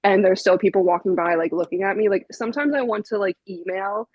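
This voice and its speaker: Animated young woman telling a story. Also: mid-range voice, fairly quick, no room sound, muffled recording. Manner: animated, laughing, frequent "like" fillers. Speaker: podcast guest, vinyl collector. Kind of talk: casual podcast storytelling.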